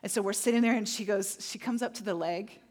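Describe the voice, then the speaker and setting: A woman preaching a sermon, telling stories vividly and slowing down to stress key points. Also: medium pitch. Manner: animated storytelling, acting out moments; slow emphatic phrasing on key points. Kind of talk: sermon with personal storytelling.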